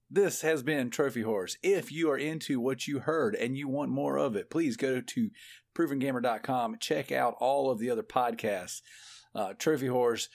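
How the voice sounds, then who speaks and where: A relaxed man wraps up a gaming podcast with an easygoing, joking manner. His voice sits at an ordinary pitch, and he talks casually, often breaking into laughter. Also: gravelly. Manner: laid-back, playful, laughs often. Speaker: podcast host. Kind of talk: casual podcast chat, show wrap-up.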